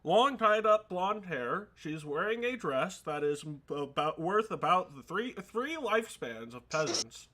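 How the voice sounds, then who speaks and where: A man's voice: on the high side, big pitch swings, unhurried, few pauses, pushed and bright. A man narrating a tabletop game as game master, rambling with many fillers.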